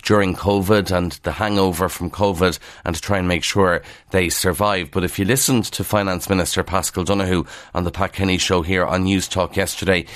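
A man with an Irish accent from Kildare, presenting a brisk morning newspaper review on radio with wry asides. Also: low-pitched, little pitch movement, dry recording, clean studio sound.

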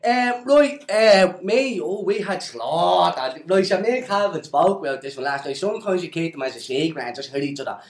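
Excitable high-voiced Irish man. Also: moderate pace, hardly any pauses. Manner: excitable, swears freely. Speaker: podcast co-host. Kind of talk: casual banter. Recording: roomy echo.

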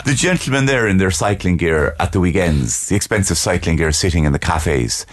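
A man's voice: low voice, expressive, brisk, pitched below the performer's own voice. Reggie, a man playing a pompous Cork snob. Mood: haughty. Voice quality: pompous, affected, drawling. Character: snobbish posh Cork socialite man, pompous and condescending. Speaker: comic guest character. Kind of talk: comic radio sketch.

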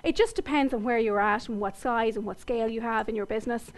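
A woman's voice: a little high, fast talker. An Irish woman interviewed on the radio about her tech company, upbeat and confident. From Ireland. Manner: upbeat, confident business talk.

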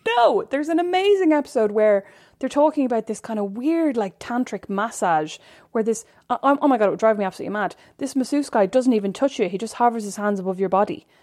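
A woman, co-hosting a podcast in animated, gossipy casual chat. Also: on the high side, fast. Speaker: podcast co-host.

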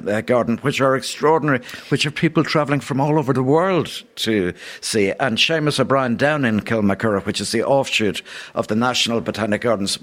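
A man's voice: medium pitch, a bit bright. A man guesting on a live radio panel, with a middling voice. He talks with real enthusiasm but stops and starts, and his sentences are dotted with fillers. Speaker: gardener, studio guest.

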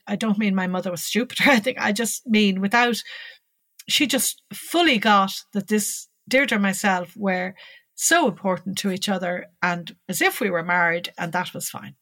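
An older woman with an Irish accent telling a personal story in an interview, growing animated as she recalls conversations. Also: mid-range voice, no room sound. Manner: animated, lively when recalling dialogue.

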